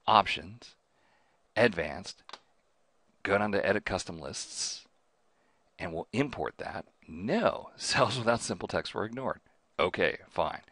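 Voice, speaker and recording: Deep-voiced guy walking thru a spreadsheet trick, keeps saying right?, dry close sound. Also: fairly bright tone, dry recording. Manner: chatty, says "right?" often, mildly exasperated asides. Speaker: host. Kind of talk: spreadsheet tutorial.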